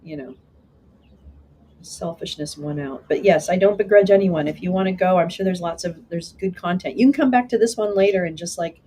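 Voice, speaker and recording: A woman's voice: fairly low pitch, a little fast, warm tone, slight background noise, poor audio. A woman hosting a live stream, chatting casually with viewers and answering their comments in a meandering way with frequent restarts.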